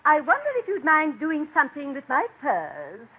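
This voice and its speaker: A woman's voice: high-pitched, wildly swooping pitch, normal speed. An actress playing a refined, genteel society lady, gushing and hesitant, in a 1940s radio comedy. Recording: old radio broadcast, lo-fi and noisy.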